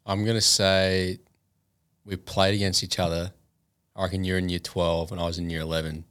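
A young man with an Australian accent, a podcast guest answering in a calm, measured way. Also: low voice, no echo, studio quality. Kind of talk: casual podcast chat.

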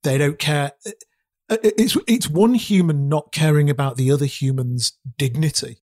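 A man's voice: a little high, normal speed, darkish tone, no echo, studio quality. A man co-hosting a casual business talk show, emphatic and repeating words for stress. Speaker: podcast co-host, recruiter. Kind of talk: casual chat.

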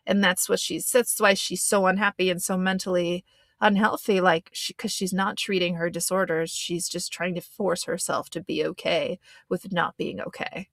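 A woman's voice: fairly low pitch, flat delivery, moderate pace, a bit bright, dry recording, clean studio sound. A young adult woman hosting a podcast, talking in a loose, rambling, casual way. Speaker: podcast host. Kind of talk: casual chat.

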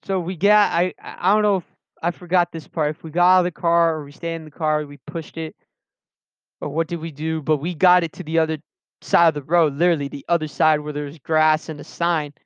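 A man's voice: a little high, steady tone, a little fast, clean tone, dry recording. A young man in his late teens telling a personal story casually, rambling with lots of restarts and fillers, on a dull lo-fi recording.

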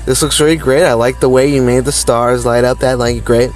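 A man mimicking a shrill old woman art teacher who screeches in outrage. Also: fairly even intonation, a little fast, close to an everyday voice. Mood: gushing.

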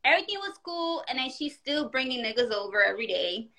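Woman guest, high bright voice, tells a rowdy story in casual chat and acts out every quote. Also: fast. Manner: animated, profane storytelling with acted-out quotes.

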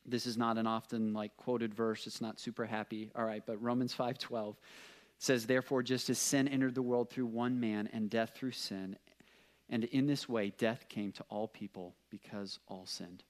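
A young man preaching a casual sermon, telling stories with lots of fillers and animated asides. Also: on the low side, normal speed. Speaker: pastor.

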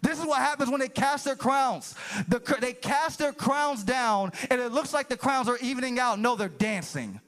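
A man preaching a sermon as pastor, animated and talking straight to the congregation, now and then breaking into shouted bursts. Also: very high-pitched, normal speed.

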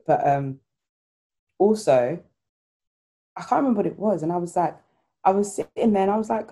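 A woman's voice: medium pitch, expressive, a little fast, pauses often, mellow. A woman and new mother chatting casually, telling stories and acting out what people said. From Ghana. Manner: chatty, storytelling, acts out quoted voices. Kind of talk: casual chat.

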